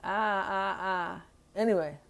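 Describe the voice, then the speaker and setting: In a personal diary vlog, a woman rambles emotionally through a hard day, sighing and laughing nervously, clearly upset and overwhelmed. Her mid-range voice is slow, fairly bright, and has some vocal fry.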